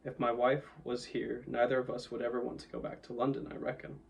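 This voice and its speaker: A man voicing a humble, deferential male cabman of country stock who talks slowly and plainly, somewhat far from the mic. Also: mid-range voice, completely flat delivery, gravelly, natural voice.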